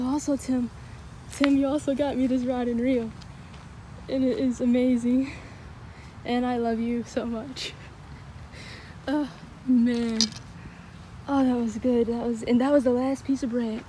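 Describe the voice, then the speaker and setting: A tired woman with a cracking voice, rambling excitedly in a casual outdoor fishing vlog by a pond, recorded on a handheld camera. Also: on the high side, unhurried, a little hiss or hum, poor audio. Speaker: fishing vlogger. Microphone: handheld phone or action camera.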